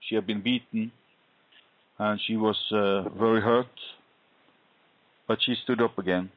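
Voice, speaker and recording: A man sharing a faith testimony in an interview, telling his story earnestly and deliberately. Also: fairly low pitch, steady tone, no room sound. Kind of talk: conversational interview, personal testimony. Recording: dull lo-fi recording.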